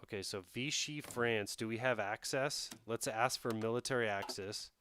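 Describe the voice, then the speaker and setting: Casually commentating his strategy game on a live stream, a man thinks out loud and talks to chat. His mid-range voice sounds pushed and bright at a moderate pace, with slight background noise.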